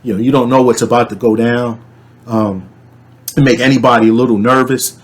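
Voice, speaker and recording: A man's voice: medium pitch, fairly quick. A man telling a dream to camera in a casual, rambling way, with many fillers and restarts. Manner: animated storyteller, shouts when reenacting. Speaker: channel host.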